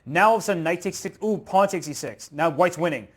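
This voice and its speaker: Male chess commentator, slightly high pitch, excitable, analytical, thinks aloud. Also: quick pace. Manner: excitable, thinks aloud through move sequences.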